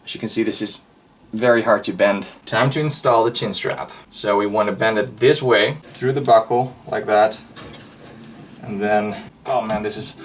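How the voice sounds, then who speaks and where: A man's voice: lowish voice, fairly even intonation, normal speed, slight background noise. A man narrating a hands-on restoration in a hot room, muttering, sighing and straining while he works. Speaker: vlogger restoring a helmet. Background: background music.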